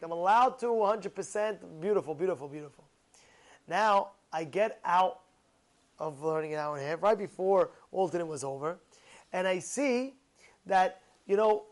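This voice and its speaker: A man giving an animated sermon, telling stories, repeating words and using Hebrew terms. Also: sits high. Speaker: rabbi giving a Torah talk.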